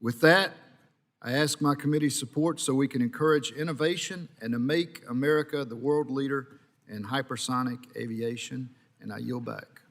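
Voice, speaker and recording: A man's voice: medium pitch, moderate pace, creaky. A man from Georgia making rousing, formal remarks at a committee markup. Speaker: committee member. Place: large hearing room. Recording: long reverb of a hearing room.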